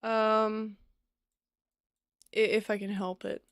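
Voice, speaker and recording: A woman's voice: medium pitch, flat delivery, slow pace, dry recording, clean studio sound. A woman streamer chatting casually with her viewers while she codes, half muttering to herself as she works. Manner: muttering to herself while working, then bursting into laughter. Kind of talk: casual live-stream chat while coding.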